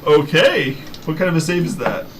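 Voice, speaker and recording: A man running a tabletop game as game master, giving brisk, casual rulings. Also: on the high side, big pitch swings. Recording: distant mic with light hiss.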